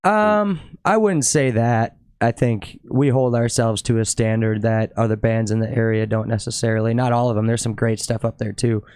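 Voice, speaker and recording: A young man from Minnesota talks in an easy, laid-back way, dropping curses and lots of quick yeps. His voice has a gravelly, fried edge and sits at a middle pitch. The sound is dry and close. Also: fairly even intonation, darkish tone, no room sound. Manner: laid-back, swears often, says yep a lot. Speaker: podcast guest, drummer. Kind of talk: casual chat.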